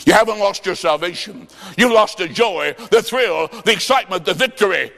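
A man preaching a sermon, telling a story and acting out its dialogue, with sudden shouts. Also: high voice, animated, moderate pace, vocal fry.

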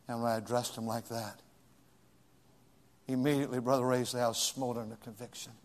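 A male pastor preaching a sermon in a church, swinging from shouts to hushed whispers. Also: mid-range voice, brisk, in a large hall.

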